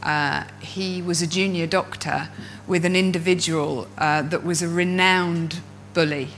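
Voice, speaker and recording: A woman's voice: fairly low pitch, measured pace, a little hiss or hum, rough recording. A woman coach giving a talk to fellow coaches, telling stories expressively and acting out inner voices. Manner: expressive storyteller who acts out inner voices. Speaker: coach and speaker. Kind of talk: presentation to an audience of coaches.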